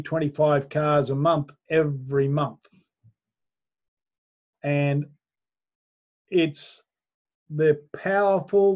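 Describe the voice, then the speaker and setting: A man's voice: on the high side, a little mellow, muffled recording. A man teaching a sales class as trainer, persuasive and often asking his listeners to agree.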